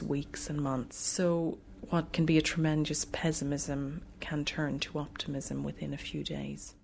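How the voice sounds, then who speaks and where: A consultant physician speaks in a measured, explanatory way during an interview. Her voice is notably low for a woman, with a faint hum of noise behind her. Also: creaky. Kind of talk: documentary interview.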